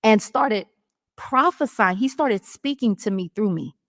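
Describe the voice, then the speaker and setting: A woman's voice: medium pitch, a little slow, no room sound, clean studio sound, long reverb tail. A woman in her thirties, a podcast guest, telling her personal story in casual speech and acting out the voices of the people in it. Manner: animated storytelling, acts out quoted voices. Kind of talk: casual testimony.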